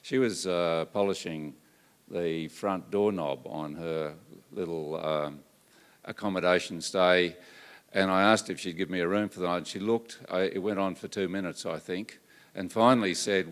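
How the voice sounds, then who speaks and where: An older man giving a public lecture, telling stories in a halting way with many fillers. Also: low-pitched. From Australia. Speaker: guest lecturer.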